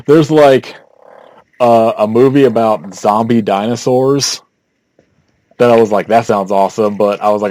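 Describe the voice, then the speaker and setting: A man's voice: medium pitch, measured pace, darkish tone, dry recording. A young man co-hosting a podcast in casual chat, rambling with fillers and laughing often. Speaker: podcast co-host.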